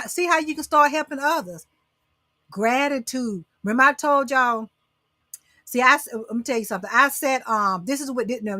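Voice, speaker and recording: Middle-aged woman host, bright, dry close sound, preachy and coaxing with her audience. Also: on the high side, no echo. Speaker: talk show host. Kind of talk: casual motivational talk to live viewers.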